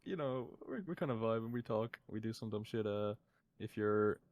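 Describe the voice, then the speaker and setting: A man's voice: lowish voice, normal speed, a little mellow. A young man co-hosting a podcast, rambling and swearing in casual chat. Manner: rambling, sweary, laughs often. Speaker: podcast co-host.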